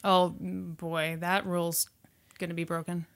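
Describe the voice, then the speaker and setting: A woman co-hosting a podcast in casual chat, reacting with slow banter. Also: lowish voice, little pitch movement, smooth. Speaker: podcast co-host.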